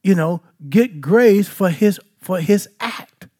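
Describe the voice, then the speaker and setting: A man's voice: high voice, slow pace, warm tone. A man teaching a Bible study, asking the listeners questions and then answering them. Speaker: preacher.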